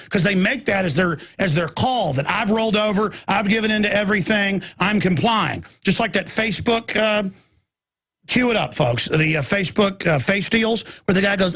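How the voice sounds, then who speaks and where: Casting: husky, gravelly talk radio host in his forties, rambling storyteller with mocking impressions. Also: brisk, fairly bright tone. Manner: mimics mocking voices in high squeals.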